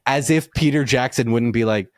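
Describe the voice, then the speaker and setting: A man chatting casually as a podcast guest, excitable and laughing often, going off on tangents. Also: mid-range voice, moderate pace, no echo, clean studio sound. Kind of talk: casual chat.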